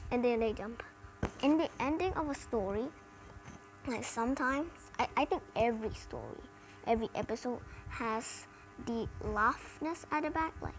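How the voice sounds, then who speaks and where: High-voiced rambling American woman. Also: moderate pace, soft background music, rough recording. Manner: rambling, full of "like" fillers. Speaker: cartoon reviewer. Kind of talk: casual chat.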